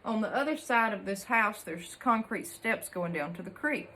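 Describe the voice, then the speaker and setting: A woman's voice: medium pitch, lively intonation, moderate pace, bright, forceful tone. A young woman from Alabama with a Southern accent, telling country childhood stories to her viewers in a chatty, folksy way. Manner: chatty and folksy, uses country sayings and laughs often. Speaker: homesteading vlogger. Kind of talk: casual storytelling to camera.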